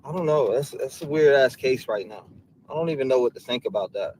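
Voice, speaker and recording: Rambling, halting man in a clip. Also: medium pitch, lively intonation, a little mellow, slight background noise, low-quality recording.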